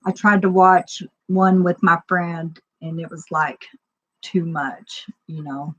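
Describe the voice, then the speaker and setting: A woman's voice: on the low side, steady tone, slow pace, lo-fi sound. A woman chatting casually as a stream host, rambling and laughing often. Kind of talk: casual chat.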